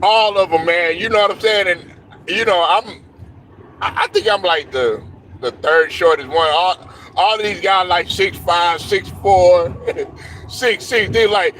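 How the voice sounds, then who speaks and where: A man's voice: sits high, measured pace, fairly bright tone, slight background noise. A young man hosting a casual sports talk show, telling stories loosely with slang, cursing and laughs.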